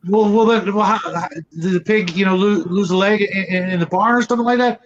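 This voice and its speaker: A man telling a long joke in casual chat, halting and often repeating words. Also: high-pitched, steady tone, a little hiss or hum. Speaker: host. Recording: muffled lo-fi audio.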